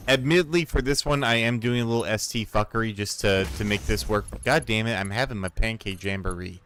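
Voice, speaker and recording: A man chatting casually and rambling while playing a game, swearing freely and getting excited. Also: lowish voice, a little fast, a little hiss or hum. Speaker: streamer and storyteller.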